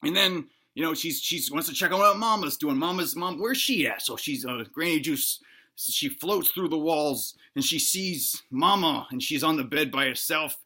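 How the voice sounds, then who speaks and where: A man telling a crude improvised comedic story in a rambling, deadpan way. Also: a little high, moderate pace.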